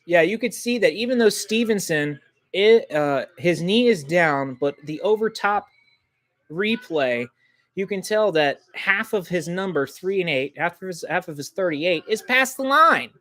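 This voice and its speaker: A man hosting a livestream football reaction, excitable and quick to get indignant at calls, loose and rambling with many ums. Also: sits high, no echo. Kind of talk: live football reaction commentary.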